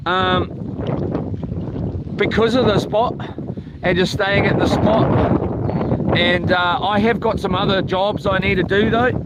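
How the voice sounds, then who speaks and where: A rambling man, talking high in his range as he chats his way through a camping vlog. He fills his talk with ums and mild swearing. Wind and outdoor noise sit clearly behind him. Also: fairly even intonation, measured pace, pauses often. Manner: rambling, swears mildly, many fillers. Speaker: camping vlogger. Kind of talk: casual vlog chat. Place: outdoors at a coastal campsite.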